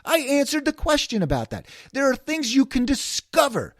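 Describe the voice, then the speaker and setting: A man's voice: very high voice, normal speed, no room sound, studio quality. A man in his forties, a host delivering a sarcastic, ranting monologue. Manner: sarcastic, animated.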